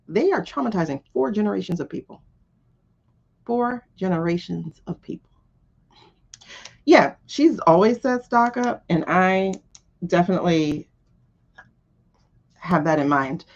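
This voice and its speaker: Blunt, animated woman tarot streamer. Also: on the low side, lo-fi sound. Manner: blunt and animated, swears freely, laughs often. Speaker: tarot reader hosting a live stream. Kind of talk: casual live-stream chat.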